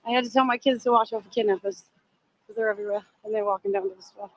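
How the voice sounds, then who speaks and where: A woman's voice: medium pitch, steady tone, very fast, low-quality recording. A middle-aged woman with a Boston accent, chatting with viewers and passersby on a phone livestream from a crowded sidewalk. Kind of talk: walking livestream chat. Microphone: handheld phone.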